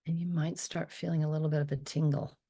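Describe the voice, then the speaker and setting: A woman leading a guided meditation, speaking softly and slowly and often slipping into a whisper. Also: low voice, little pitch movement, creaky, slightly rough. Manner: slow, soft and drifting, often dropping to a whisper on affirmations. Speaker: spiritual teacher leading a meditation.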